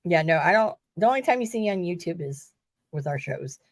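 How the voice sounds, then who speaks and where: A woman hosting a casual podcast, excitedly retelling a story and swearing freely. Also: lowish voice, a little fast, dry recording. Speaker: podcast host.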